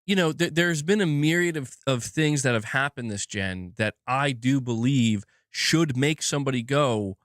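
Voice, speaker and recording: A man hosting a gaming livestream, ranting in an excitable, self-mocking way and swearing often, restarting his words as he gets worked up. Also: medium pitch, normal speed, hardly any pauses, dry recording, studio quality. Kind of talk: live commentary rant. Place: indoor room at home.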